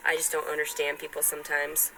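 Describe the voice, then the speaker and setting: A woman's voice: low-pitched, completely flat delivery, quick pace, background noise. A woman in a clip from a vlog, talking in a rambling, self-important way. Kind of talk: casual vlog monologue.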